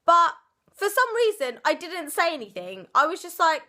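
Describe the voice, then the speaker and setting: A woman's voice: very high voice, very animated, moderate pace, pushed and bright. A young woman, chatting through a storytime vlog, giggly and full of fillers. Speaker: vlogger. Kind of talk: casual storytime chat.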